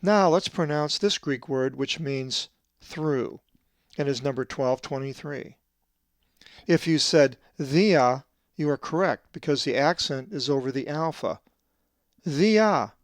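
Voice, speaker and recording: A man who translates the Bible, giving a scripted lesson on Greek pronunciation and slowly drawing out each example word. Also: mid-range voice, no room sound, clean studio sound. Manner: methodical, drawn-out slow stress on Greek words.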